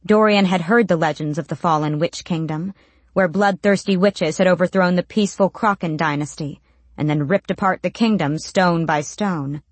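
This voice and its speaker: A woman reading a fantasy story aloud as narrator, with steady storytelling. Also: on the low side, moderate pace, dry recording. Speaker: audiobook narrator. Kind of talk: scripted narration.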